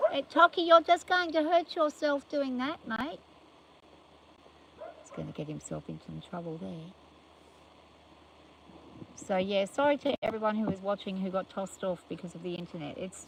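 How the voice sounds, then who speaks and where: A woman's voice: mid-range voice, gravelly, a little hiss or hum, rough recording. An older woman livestreaming from her farm in a chatty, rambling way, talking to viewers and scolding her animals playfully. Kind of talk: casual livestream chat. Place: outdoors on a farm.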